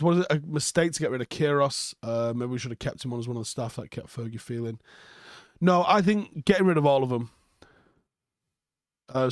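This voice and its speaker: A man's voice: a little high, no echo, studio quality. Blunt, sweary man. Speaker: football reaction streamer. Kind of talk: live post-match chat reading viewer comments.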